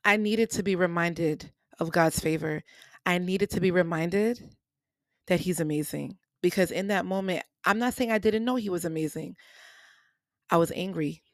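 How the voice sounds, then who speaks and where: A woman with a lowish voice hosts a personal faith podcast, speaking earnestly and emotionally. She repeats phrases for emphasis, and her speech has features. The sound is dry and close, with no room echo. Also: unhurried. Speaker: podcast host. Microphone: podcast microphone.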